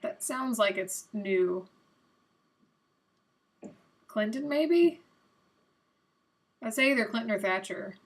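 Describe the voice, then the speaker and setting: A young adult woman hosting a live stream, chatting casually and guessing out loud while she plays a quiz game, a little self-mocking. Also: a little high, expressive, takes it slowly, long pauses.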